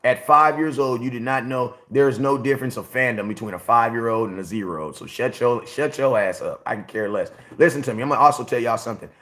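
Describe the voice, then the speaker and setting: A man's voice: medium pitch, quick pace, hardly any pauses, fairly bright tone. A forty-year-old man hosting a casual sports livestream, talking bluntly and repeating himself as he answers his chat. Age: 40s. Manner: blunt, repetitive, talks straight to chat.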